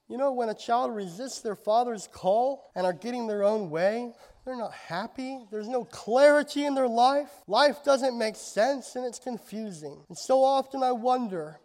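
A man preaching a sermon to a congregation, moving between quiet and impassioned, loud passages. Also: extremely high pitch, measured pace, long reverb tail. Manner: impassioned, swings from soft to loud. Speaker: pastor. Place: church sanctuary.

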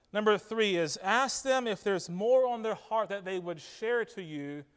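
A man's voice: sits high, big-room sound. A man preaching a sermon from a church platform, earnest and coaxing, often checking in with "okay?" and "right?".

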